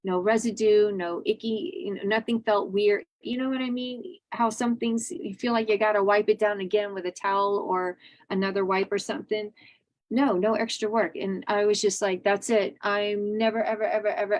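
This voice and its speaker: A woman in her thirties leads a casual wellness class in an animated, chatty way. She laughs easily and slips into lively asides. Her voice sits at an ordinary middle pitch.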